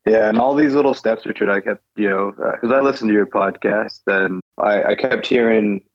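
A man's voice: fairly low pitch, steady tone, fairly quick, dry recording, lo-fi sound. A man, a guest pilot, telling his story in a loose, casual way, repeating phrases and laughing now and then.

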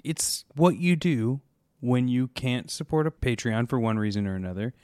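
A man's voice: mid-range voice, normal speed, a little mellow, dry recording. A man co-hosting a podcast in casual chat, with playful, teasing banter. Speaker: podcast co-host.

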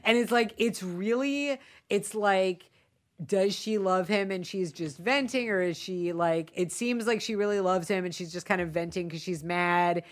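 A woman in casual conversation, retelling movie scenes with quick quoted asides. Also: mid-range voice. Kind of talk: casual film discussion.

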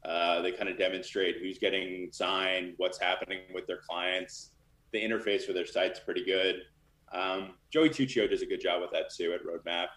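A man's voice: sits low, fairly even intonation, moderate pace, fairly bright tone, echoey room. A man talking casually and candidly as a guest in an interview, with lots of fillers. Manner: loose and candid, many fillers. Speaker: literary manager.

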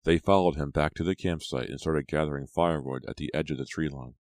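Very deep-voiced male audiobook narrator. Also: fairly even intonation, quick pace, darkish tone, no echo. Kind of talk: scripted narration.

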